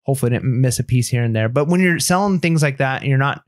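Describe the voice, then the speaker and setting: A man co-hosting a casual chat podcast, speaking fast and loosely with plenty of "like" and restarts. He sounds close and dry, with no room sound. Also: medium pitch, no echo. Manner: rapid, rambling, lots of fillers and restarts. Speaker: podcast co-host.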